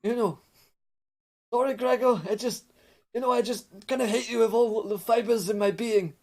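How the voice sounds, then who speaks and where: A man playing a tabletop game, speaking in a dry, deadpan way. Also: very high-pitched, normal speed. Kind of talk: casual game table chat.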